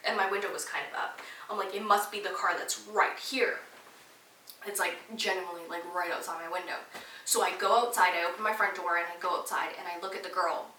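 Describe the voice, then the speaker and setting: A young woman from Toronto hosting a podcast, telling a story in a sassy, animated, heavily profane way. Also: mid-range voice, roomy sound, far from the mic, low-quality recording. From Toronto, Canada. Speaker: podcast host. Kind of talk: casual storytelling monologue.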